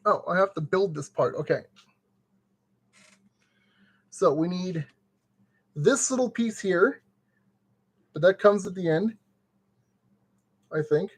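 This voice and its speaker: A man's voice: high voice, slow pace, long pauses, husky. A man streaming casually and talking himself through a brick-kit build step by step. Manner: chatty, talks himself through each step.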